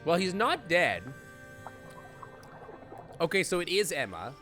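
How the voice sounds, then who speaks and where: A man's voice: high voice, huge pitch swings, slow, pushed and bright, faint music behind. A man streaming a game live, chatting, laughing often and reacting on the fly. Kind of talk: live gameplay commentary.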